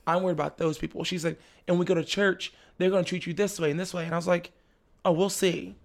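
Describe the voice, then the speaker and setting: A young man, a podcast guest, telling a story in casual chat, animated and laughing often as he acts out his family's lines. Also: high voice, quick pace, vocal fry. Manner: laughs often while talking.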